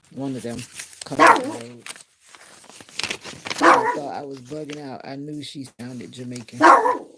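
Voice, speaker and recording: Low, gravelly-voiced woman chatting on a stream. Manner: rambling, laid-back and joking. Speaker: livestream host. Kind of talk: casual chat to viewers. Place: her bedroom at home. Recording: noisy home livestream.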